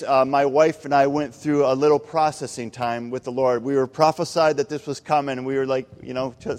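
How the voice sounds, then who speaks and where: A middle-aged man giving an earnest, conversational testimony from the pulpit, with repeated phrases. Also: fairly high pitch. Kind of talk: testimony sermon. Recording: reverberant hall.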